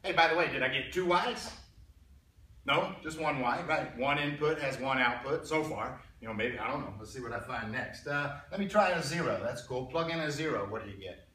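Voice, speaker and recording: A man teaching a college algebra class, pausing, restarting and often clearing his throat as he asks the students questions. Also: mid-range voice, pushed and bright. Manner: halting, repeats words, clears throat often. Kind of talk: classroom lecture. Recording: echoey classroom from far off.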